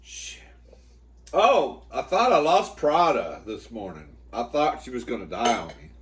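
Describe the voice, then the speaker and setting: Taking an unhurried pace yet staying very animated, this man hosts a comedy eating show and chats a story straight to camera. His delivery is campy and full of profanity, he addresses the viewer as "girl," and he breaks into loud high-pitched yelps whenever he quotes himself or yells at his dogs.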